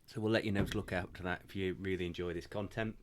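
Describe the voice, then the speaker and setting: A man hosting a podcast in a warm office, chatting casually in a rambling, jokey, self-deprecating way. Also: sits low, steady tone, quick pace, a little hiss or hum. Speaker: podcast host.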